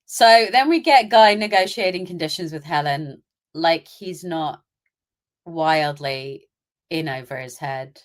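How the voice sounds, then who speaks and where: Young British woman, low-pitched, podcast co-host, opinionated and chatty. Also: unhurried. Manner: chatty and opinionated, acting out asides. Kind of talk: casual chat.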